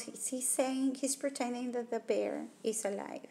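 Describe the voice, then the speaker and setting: Speaking at a measured pace with few pauses, a woman teacher's slightly high, gravelly, dark voice stays fairly even as she works through a test-prep lesson. She reasons about each answer choice and rules them out one by one, recorded on a tablet mic with a little hiss or hum.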